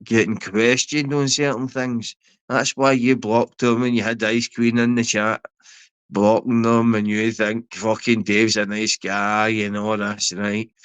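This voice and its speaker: A man's voice: on the low side, little pitch movement, measured pace, smooth, no echo. A man from Glasgow with a Glaswegian accent, ranting aggressively at a rival on a livestream, taunting and swearing. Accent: Scottish, Glaswegian. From Scotland. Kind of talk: confrontational livestream rant.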